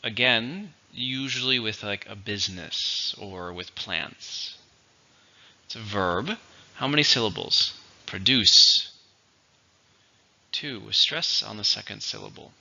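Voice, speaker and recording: A man teaching English vocabulary, explaining words slowly and clearly in a teacherly way. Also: fairly low pitch, pushed and bright, muffled recording. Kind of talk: vocabulary lesson.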